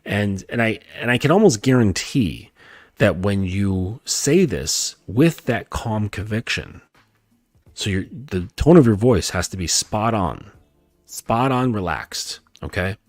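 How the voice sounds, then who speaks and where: A male dating coach giving a calm, emphatic coaching talk, repeating his points and often checking in with "okay?". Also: fairly low pitch, slow pace, dry recording, clean studio sound. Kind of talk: lecture-style coaching talk.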